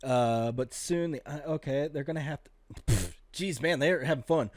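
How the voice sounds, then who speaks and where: A man's voice: mid-range voice, normal speed, dry recording. A man co-hosting a casual comedy podcast, reading odd news stories aloud and riffing on them with jokes. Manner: joking, reads news items aloud with asides. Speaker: podcast co-host.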